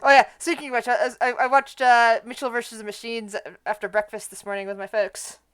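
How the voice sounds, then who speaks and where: Lady player chatting on call, highish clear voice, keeps stumbling and laughing. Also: flat delivery, brisk, a bit bright. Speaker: tabletop game player. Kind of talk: casual chat.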